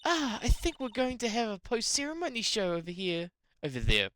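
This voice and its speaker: Giggly, animated New Zealand streamer. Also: mid-range voice, a little fast, a little hiss or hum. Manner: giggly, animated, laughs at own slip-ups. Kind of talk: gameplay commentary, reading dialogue aloud.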